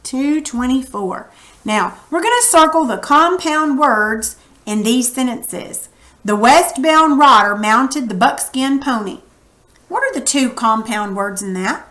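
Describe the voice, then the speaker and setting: Woman teacher going slow thru a reading lesson, kinda high voice, chatty and patient. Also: animated, fairly bright tone. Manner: patient, coaching, casual classroom talk; narrates while writing on screen.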